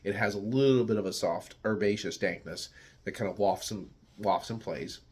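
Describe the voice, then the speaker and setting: A man's voice: lowish voice, moderate pace, darkish tone. A man from the United States giving a casual, rambling beer tasting review, searching for words and swearing now and then.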